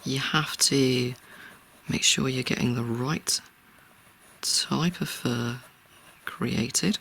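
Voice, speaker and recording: An art tutor talking through a real-time drawing tutorial in a soft, often half-whispered, reassuring way. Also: mid-range voice, very slow, gravelly, slightly rough.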